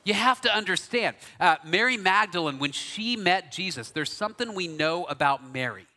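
A man preaching a sermon as pastor, telling the story in an earnest and animated way. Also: high voice, moderate pace, long reverb tail. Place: church auditorium.

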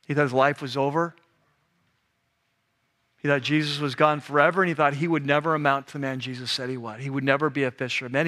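A man preaching a sermon as a pastor, telling the story in a casual, animated way that drops to a hush for the serious moments. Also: mid-range voice. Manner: conversational, animated storytelling with sudden hushed drops.

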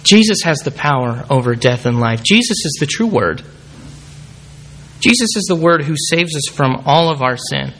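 A man's voice: fairly high pitch, animated, moderate pace, fairly bright tone, slight background noise. A man preaching a sermon, reading scripture aloud and calling the congregation forward. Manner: calls the congregation forward at the close.

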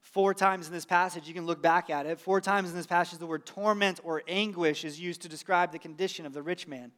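A man's voice: high voice, fairly even intonation, brisk, fairly bright tone. A man, a pastor, preaching a sermon in a conversational, emphatic way with casual asides.

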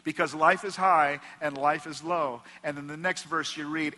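A man with a bright, forceful voice preaching in a church sanctuary, his words ringing through a long hall reverb. He delivers the sermon with passion, dropping down low and quiet whenever he quotes someone. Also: measured pace, few pauses. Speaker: pastor.

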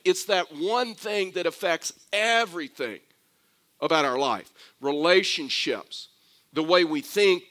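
A man's voice: fairly high pitch, bright, forceful tone. A man delivering a sermon as a pastor, telling a story and circling back to repeat his key phrases, with restarts along the way.

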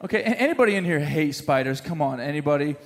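A high-voiced man preaches in a big hall with long reverb, telling stories with plenty of jokes. He talks straight to his congregation and teases them. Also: fast talker. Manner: animated storyteller, jokes with the congregation. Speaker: pastor. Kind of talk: sermon with a humorous story.

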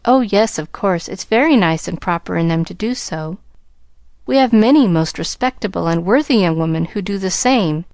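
A woman's voice: mid-range voice, expressive, normal speed, smooth, no echo, studio quality, natural voice. A woman voicing a condescending young English lady in a storybook reading, with a patronizing, haughty manner.

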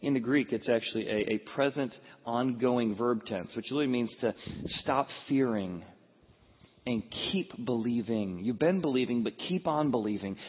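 Pastor preaching in an echoey hall. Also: male voice, medium pitch. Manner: dramatic, swings from hushed to shouting. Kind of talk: sermon with acted-out scenes. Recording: echoey hall over a tinny phone-like line.

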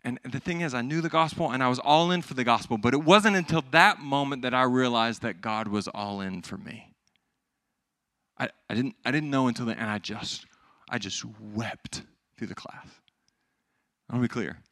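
Man in his twenties or thirties preaching, crisp bright tone, dry recording, lively and emphatic. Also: mid-range voice, moderate pace, no room sound. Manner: animated and emphatic, swinging between loud and hushed. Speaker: pastor. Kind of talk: sermon.

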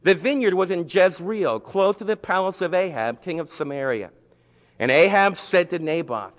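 A man preaching a sermon, retelling a story in a lively, colloquial way. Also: high-pitched, normal speed, in a large hall.

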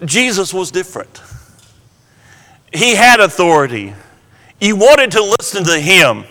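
A man preaching in a slow, deliberate sermon, repeating key words for emphasis. His voice sits high and sounds bright and forceful. A long reverb trails behind him as it carries through the hall. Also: sing-song. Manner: slow, emphatic Bible teaching with repetitions.

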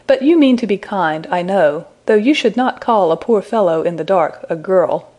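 A woman voicing a proud young man who is frightened of the dark, speaking sulkily and with scorn, in a storybook reading. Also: medium pitch, lively intonation, normal speed, lightly acted. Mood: pleading. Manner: sulky and scornful.

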